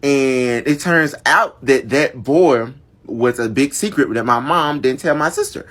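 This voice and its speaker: A man's voice: medium pitch, unhurried, fairly bright tone. A young man narrating a dramatic family story to his viewers in a chatty, casual storytime style. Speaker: storyteller vlogger.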